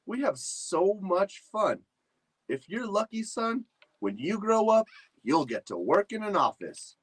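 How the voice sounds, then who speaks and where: A man's voice: sits high, very animated, measured pace, breathy edge, pitched above the performer's own voice, exaggerated voice, rough recording. A man voicing an upbeat father who talks earnestly and eagerly about office work. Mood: enthusiastic.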